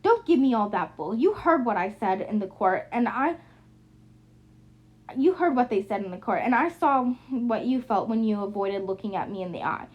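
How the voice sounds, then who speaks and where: A woman's voice: medium pitch, animated, normal speed, natural voice. A woman voicing a bitter, drunken young woman who lashes out at her sister with taunts and accusations, on a muffled recording. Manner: taunting, accusing, slurring anger.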